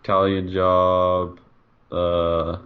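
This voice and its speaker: Very low-voiced man, distant on a podcast. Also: completely flat delivery, very slow, clear, resonant tone. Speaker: podcast co-host. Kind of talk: casual movie review chat. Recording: distant, dull lo-fi podcast mic.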